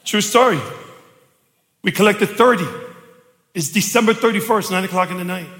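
A middle-aged man pastor telling stories in a sermon, acting out dialogue and shouting for emphasis, recorded in a church sanctuary. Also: high voice, moderate pace. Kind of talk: storytelling sermon. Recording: echoey church hall.

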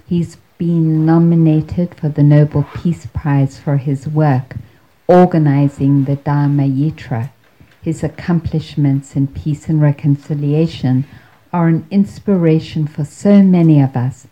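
Woman doing an effusive male emcee, formal, low voice, slow. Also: steady tone, warm tone, rough recording. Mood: gushing. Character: earnest, gushing male emcee.

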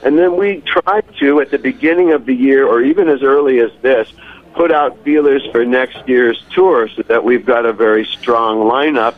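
A man's voice: medium pitch, normal speed. Older man on a dull lo-fi line. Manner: chatty, self-mocking, repeats words when starting. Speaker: touring musician guest. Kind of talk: casual radio interview.

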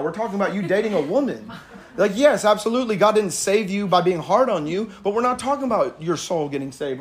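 A man with a slightly high voice teaching in a relaxed, sermon-like way. He talks conversationally and drives his points home with emphasis. Short laughs slip in between his points. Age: adult with a young daughter. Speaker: Bible teacher. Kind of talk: casual sermon-style teaching.

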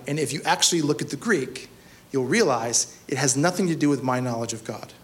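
A pastor preaches a sermon at a church service, speaking in a conversational, animated way and often putting questions to the congregation. His voice is mid-range and his delivery brisk.

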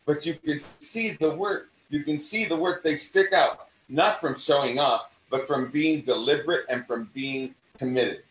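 A man with a mid-Atlantic accent, an acting teacher talking in an interview, animated and given to restarting his sentences. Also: on the high side, measured pace, hardly any pauses, slight background noise. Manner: animated, repeats and restarts phrases. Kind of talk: conversational interview. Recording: roomy sound from distance.

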